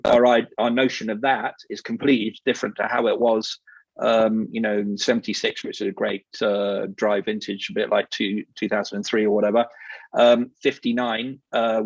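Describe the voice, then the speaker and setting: A man's voice: fairly low pitch, gravelly, slightly rough, no room sound, dull audio. A man in his sixties, a wine merchant talking as guest expert in a casual panel, rambling and hesitant with many fillers. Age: 60s.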